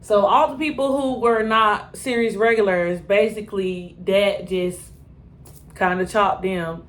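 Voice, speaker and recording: A woman's voice: mid-range voice, unhurried. Exasperated woman reacting to TV. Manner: animated, exasperated, talks back to characters on screen. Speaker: TV reaction reviewer. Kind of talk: casual reaction commentary.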